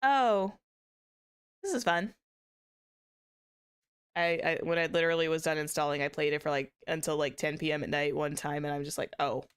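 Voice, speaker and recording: A woman's voice: low voice, little pitch movement, fast talker, hardly any pauses, clean tone. A woman streamer chatting casually with viewers, rambling with many restarts and small laughs. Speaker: VTuber streamer.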